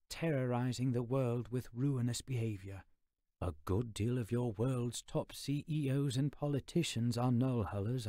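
A man's voice: mid-range voice, warm tone, no echo, clean studio sound, natural voice. A man voicing a fussy, formal scholarly troll. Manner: formal, elaborate diction.

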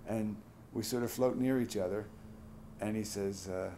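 A man in his sixties, a veteran, telling a personal memory in a halting, reflective, soft-spoken way. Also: fairly low pitch, steady tone, a little hiss or hum. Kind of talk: personal testimony.

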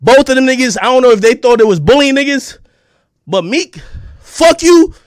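A man streaming an angry, profane rant, confrontational and breaking into shouts. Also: extremely high pitch, animated, moderate pace, dry recording, studio quality.

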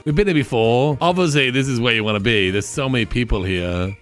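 A man's voice: mid-range voice, brisk, a bit bright, soft background music. A man hosting a gaming video, giving playful, rambling commentary with muttered asides. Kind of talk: casual gameplay commentary.

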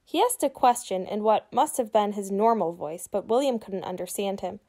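A woman reading a children's book aloud, pausing to ask her young listeners questions about the story. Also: medium pitch, dark tone. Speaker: reader for children.

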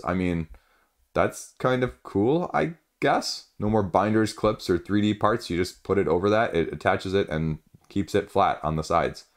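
A young man casually reviewing board game crowdfunding campaigns, rambling with wry asides. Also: lowish voice. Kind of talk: casual video commentary.

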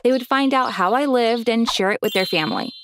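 A woman narrating her own story in an expressive, casual way. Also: on the high side, a little fast, noisy background.

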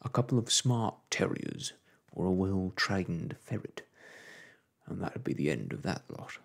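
Man doing a grave, gentle borrower dad, gravelly and slow, soft-spoken ASMR storybook. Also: low voice, sing-song, full character voice. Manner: rustic grammar, gentle and grave. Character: steady, grave tiny borrower father.

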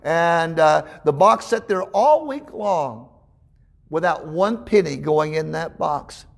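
A man's voice: fairly high pitch, expressive, takes it slowly, creaky. A man preaching a sermon, telling homespun stories with frequent stammered restarts and asides to the congregation.

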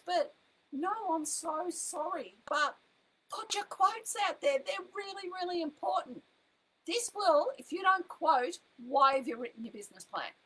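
A woman's voice: high voice, fairly bright tone, poor audio. A woman giving business mentoring advice in a chatty, emphatic way, with fillers and restarts. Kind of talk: direct-to-camera advice talk. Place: home office at a computer.

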